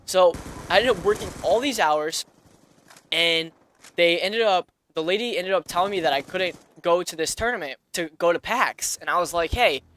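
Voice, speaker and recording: Guy in his 20s rambling thru a story on his vlog, lots of ums, bright tone, slight noise. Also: high-pitched, normal speed. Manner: rambling, with many fillers and restarts. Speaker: vlogger.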